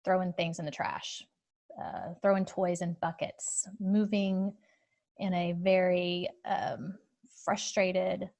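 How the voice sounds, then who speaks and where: A woman's voice: on the low side, level tone, slow, vocal fry, darkish tone. A woman in her thirties hosting a podcast, telling a personal story in an open, searching way with plenty of fillers and restarts. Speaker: podcast host.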